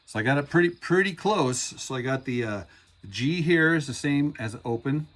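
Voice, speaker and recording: A man's voice: medium pitch, lively intonation, moderate pace, fairly bright tone. A man casually showing off a homemade cigar box guitar, chatty and rambling, often restarting his sentences. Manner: chatty, rambling, self-correcting. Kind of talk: casual workshop demonstration. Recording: guitar music playing behind.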